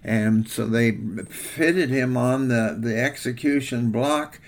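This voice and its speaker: A man's voice: medium pitch, slow. An older man, a pastor, giving a folksy devotional sermon in a rambling, homespun storytelling manner.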